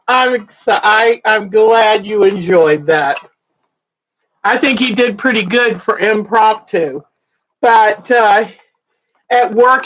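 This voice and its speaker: A woman's voice: a little high, fairly bright tone. A woman hosting a quilting show in casual livestream chat, chatty and often giggling. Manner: chatty, giggly, chuckles between words.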